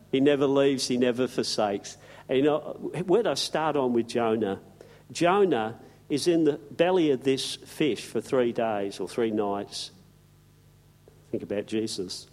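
A man's voice: mid-range voice, a little mellow. A man preaching a sermon, telling the story in a folksy, emphatic way with slang and asides.

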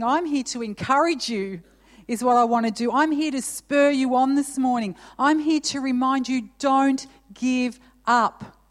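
A woman preaching a sermon to her church, earnest and emphatic, repeating key phrases and reading scripture aloud. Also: fairly high pitch. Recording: long church reverb.

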